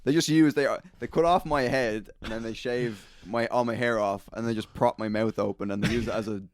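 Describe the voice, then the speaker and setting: A man's voice: medium pitch, fairly even intonation, a little fast. A man co-hosting a podcast, telling a long story in a loose, profane, rambling way. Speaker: podcast co-host. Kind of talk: casual storytelling.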